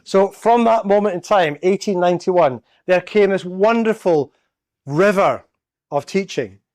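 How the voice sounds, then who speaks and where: Man giving a lively talk. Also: high-pitched, a little slow, no echo, studio quality. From Scotland. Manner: storytelling, acts out quoted voices. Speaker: guest speaker. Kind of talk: public talk. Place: church.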